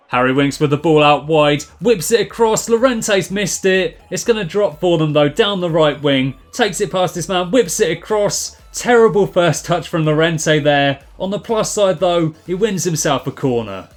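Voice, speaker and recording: A young man giving dry, sarcastic commentary over a football video game, with deadpan asides. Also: on the high side, normal speed, few pauses.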